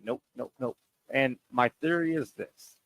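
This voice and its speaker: A man's voice: medium pitch, a bit bright, a little hiss or hum, poor audio. A man hosting a sports talk show, making his point with rhetorical questions and repeating key lines for emphasis. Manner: pauses and stretches words for emphasis.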